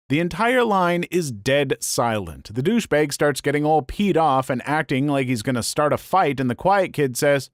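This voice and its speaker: A man narrating online stories in a scripted, lively and comic way. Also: fairly high pitch, moderate pace, hardly any pauses, no room sound, studio quality. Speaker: story narrator.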